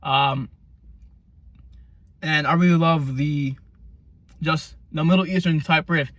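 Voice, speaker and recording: A man giving a casual album review, rambling and excitable, with lots of fillers and the odd swear. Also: a little high, slow, no echo. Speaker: music reviewer.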